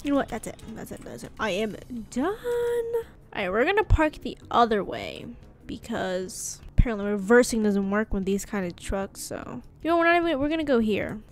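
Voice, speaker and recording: A woman hosting a gaming channel, talking through gameplay in casual commentary, excitable and rambling, often breaking into exclamations. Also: medium pitch, moderate pace.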